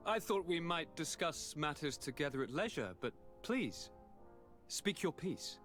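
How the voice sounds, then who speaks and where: A courtly noble governor. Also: male voice, fairly high pitch, big pitch swings, a bit bright, faint music behind. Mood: courteous. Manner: courtly, measured. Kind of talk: video game dialogue.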